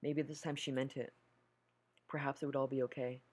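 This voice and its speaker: A man's voice: medium pitch, little pitch movement, brisk, darkish tone. A man reading a horror story aloud, nervous, stumbling over words and correcting himself. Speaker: story narrator.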